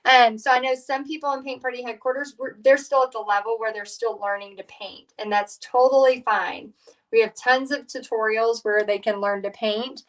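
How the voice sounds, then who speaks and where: A middle-aged woman talks her viewers through a painting lesson, rambling from one story to the next with plenty of "um" and "you know". Her voice sits a little high for a woman. She sounds a bit back from the microphone. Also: steady tone, normal speed, distant mic, rough recording. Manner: chatty, rambling, warm storytelling with fillers. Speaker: painting instructor. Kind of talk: live painting tutorial chat.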